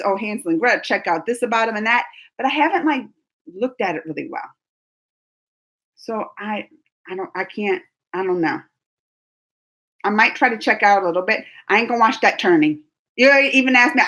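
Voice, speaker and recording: High bright chatty woman in her forties. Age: 40s. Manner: chatty, animated, laughs often, rambling. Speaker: livestream host reading chat. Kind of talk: casual live chat.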